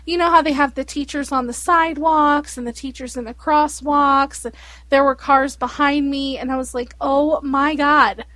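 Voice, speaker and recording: A woman in her thirties telling an everyday story in casual chat, animated and acting out quotes. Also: high voice, normal speed, no echo.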